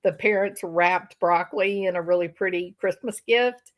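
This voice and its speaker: A woman's voice: fairly low pitch, fairly even intonation, moderate pace. An older woman hosting a commentary channel, answering viewer comments with sarcastic indignation. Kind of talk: reaction commentary to live-stream chat.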